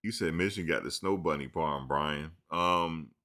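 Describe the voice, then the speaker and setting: A man hosting a casual live-stream sports talk show, teasing and answering his chat in an animated way. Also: very deep voice, normal speed.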